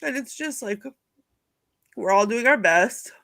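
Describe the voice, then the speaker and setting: A woman's voice: a little high, animated, unhurried, creaky, fairly bright tone. A woman co-hosting a podcast in casual chat, emotional and giggly as she talks. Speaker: podcast co-host.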